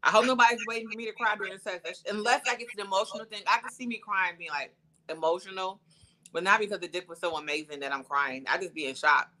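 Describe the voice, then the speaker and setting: A woman's voice: medium pitch, fast, sharp tone. A woman co-hosting a casual chat, with a dry, teasing, matter-of-fact way of talking. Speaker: podcast co-host.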